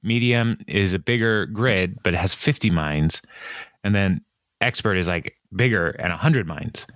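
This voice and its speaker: A man's voice: sits low, measured pace, a bit bright, dry recording. Man animatedly recapping episodes, dry sound. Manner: retells scenes, acting out lines in a raised voice, laughs often. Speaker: podcast co-host. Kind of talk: casual recap chat.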